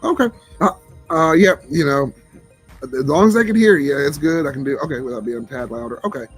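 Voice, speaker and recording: A man's voice: fairly high pitch, a little fast, breathy edge. Laid-back Southern man hosting a livestream. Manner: laid-back, chuckling, talks to chat by name. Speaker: livestream host. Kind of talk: casual livestream chat. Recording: faint background music.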